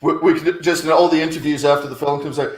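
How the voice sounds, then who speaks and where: A man's voice: a little high, fairly even intonation, echoey room, low-quality recording. A man co-hosting a comedy podcast, riffing on silly film ideas and laughing often. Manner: riffing, quick laughs, acts out bits. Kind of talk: casual comedic chat.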